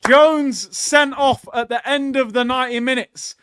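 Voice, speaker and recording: A man hosting a live football watchalong, chatting to viewers with excitable reactions and bursts of shouting. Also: very high voice, a little slow, noisy background. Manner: chatty, addresses viewers as "people".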